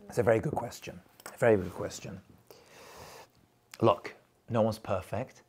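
A middle-aged rabbi with a lowish voice teaches a class at a moderate pace, with slight background noise. His lecture is lively and chatty, built on anecdotes in which he acts out the quotes.

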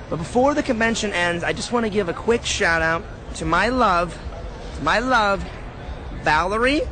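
A man with a strikingly high voice hams it up for the camera at a busy comic convention. He keeps repeating a silly catchphrase and hands out shout-outs to friends. The chatter of a big crowd and steady street noise sit behind him. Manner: goofy, over-the-top, repeats a catchphrase loudly. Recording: noisy convention crowd around.

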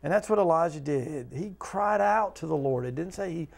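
Guy leading bible study, gravelly voice, earnest, keeps asking the class questions. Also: fairly high pitch, lively intonation, normal speed. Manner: earnest, talks to listeners with repeated questions, acts out quotes. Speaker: pastor teaching Bible study. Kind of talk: conversational Bible study teaching.

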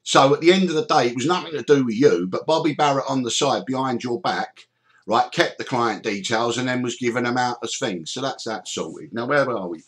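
A middle-aged man hosting a podcast, telling stories in an animated way, swearing freely and acting out the people he quotes. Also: mid-range voice, fairly quick. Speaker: podcast host. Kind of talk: storytelling chat.

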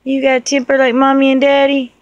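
A woman's voice: sits high, completely flat delivery, brisk, no echo, highs cut off. A young woman filming her baby on a phone at home, talking in coaxing, playful baby talk. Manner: sing-song, coaxing and playful. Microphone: phone held over the baby.

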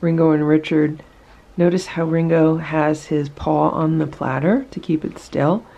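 A woman talking through a casual home vlog about her cats, her voice low and mellow with a gravelly edge. She chats easily to the viewer from an indoor room, then calls to the cats in a coaxing way. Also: fairly even intonation, unhurried, muffled recording. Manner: chatty, talks to the cats in a high coaxing voice. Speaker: cat vlogger.

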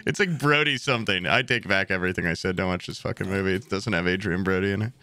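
A man's voice: low voice, fast, sharp tone, no echo. A man co-hosting a podcast in casual chat, rambling and cursing as he jokes and recommends films. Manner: rambling, profane, jokey. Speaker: podcast co-host.

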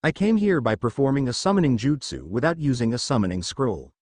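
A man's voice: mid-range voice, a little fast, no echo, studio quality. A man doing a brash young ninja. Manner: excitable, blurting and loud. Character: brash young male ninja, loud and impulsive.

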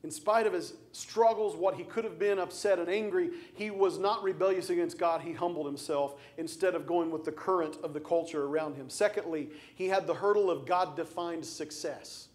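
Male preacher, high-pitched, emphatic delivery with repetition and direct questions. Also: normal speed, hardly any pauses, darkish tone. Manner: emphatic, repeats phrases for stress; asks the congregation direct questions. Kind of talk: sermon.

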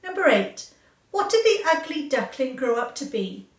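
A woman teacher reading out a children's quiz, slow and clear, repeating each question. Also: high voice, big pitch swings. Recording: echoey room, far from mic.

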